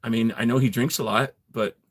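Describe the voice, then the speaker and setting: A man's voice: mid-range voice, steady tone, fairly quick. A man livestreaming from his garage, chatting casually with viewers in a rambling, profane way, laughing often and answering chat. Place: home garage.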